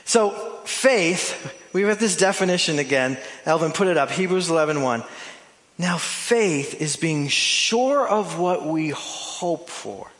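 A male pastor delivers a lively sermon in a church sanctuary, his somewhat high voice ringing out with a long reverb tail. He swings from forceful emphasis to slow, hushed phrases and drops in playful asides to the congregation. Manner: animated preaching, swings between loud emphasis and soft drawn-out phrases.

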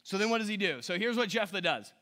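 A man's voice: sits high, lively intonation, fast, pushed and bright. A man preaching a chatty, conversational sermon, reading scripture aloud and adding casual asides with a few chuckles. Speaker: pastor.

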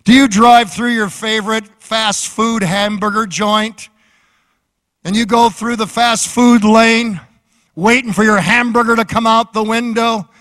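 A man's voice: high-pitched, steady tone, a little slow, a bit bright. A man preaching a sermon as pastor, fervent and rhythmic, with repeated phrases.

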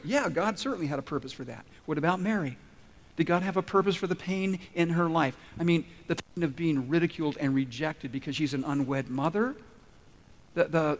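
A man preaching a sermon as pastor, telling stories with acted-out quotes and asking emphatic questions. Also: fairly high pitch. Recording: long hall reverb.

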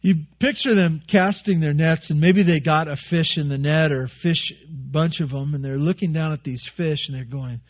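A man preaching a sermon to a congregation in a relaxed, joking way, full of rhetorical questions. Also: fairly high pitch, normal speed, hardly any pauses. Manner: conversational, joking, asks many rhetorical questions. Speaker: pastor. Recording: dull lo-fi recording.

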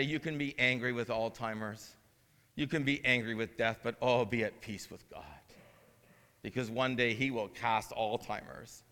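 A man's voice: fairly high pitch, sharp tone. A man preaching a sermon as interim pastor, reading scripture and talking in earnest asides that build to emphatic proclamation. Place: church sanctuary. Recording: long church-hall reverb.

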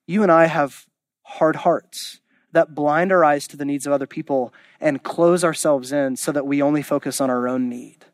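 Emphatic high-voiced preacher. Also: male voice, dry recording. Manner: passionate, emphatic, rising to exclamations. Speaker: pastor. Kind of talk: sermon. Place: church auditorium.

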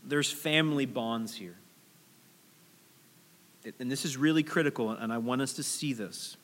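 Pastor guy in his 30s giving a chatty storytelling sermon, mid pitch, big echoey church hall. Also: unhurried, a bit bright. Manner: conversational, storytelling with asides to the congregation. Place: church sanctuary.

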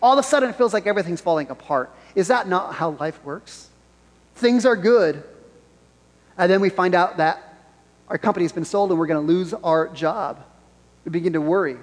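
A pastor preaching a Sunday sermon in an animated style, repeating his key phrases for emphasis. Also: sits high, moderate pace, in a large hall.

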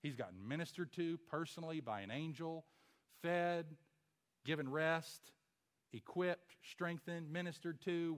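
A man preaching a sermon as pastor, emphatic, with rhetorical questions and swings from loud to hushed. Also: on the high side, a little slow.

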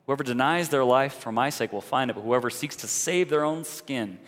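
A man's voice: medium pitch, brisk, few pauses, in a large hall. A man preaching a sermon in an earnest, direct way, now and then mocking the views he argues against.

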